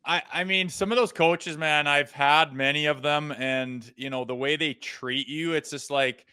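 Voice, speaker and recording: A man co-hosts a casual sports podcast in a fairly high, bright and forceful voice. He talks emphatically and swears easily. The recording is dry, with no room sound. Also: steady tone, unhurried, clear, resonant tone, dry recording. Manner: emphatic, profane, agreeing. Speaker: podcast co-host.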